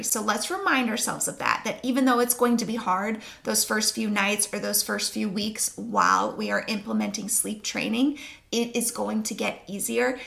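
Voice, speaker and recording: A woman sleep coach explaining her methods to parents in a calm, reassuring, step-by-step way. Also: mid-range voice, vocal fry. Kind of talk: instructional talk to camera.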